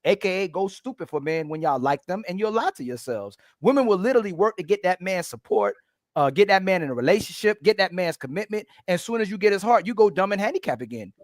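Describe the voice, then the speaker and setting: Male panelist, a bit high-voiced, blunt and preachy in his arguments. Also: big pitch swings, quick pace, no echo, clean studio sound. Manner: blunt, lecturing, sweeping claims. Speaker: podcast panelist. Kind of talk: heated casual panel debate.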